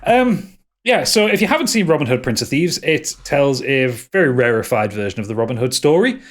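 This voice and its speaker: A man's voice: medium pitch, big pitch swings, fairly quick. A man co-hosting a podcast, ranting and swearing as he critiques a film. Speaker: podcast co-host. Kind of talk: casual podcast chat.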